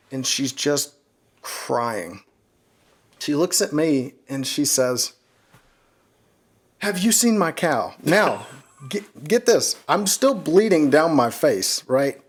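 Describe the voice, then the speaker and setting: Man telling a wild story, laughing. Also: medium pitch. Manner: animated, swearing, laughs at his own story. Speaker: podcast co-host. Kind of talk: casual storytelling.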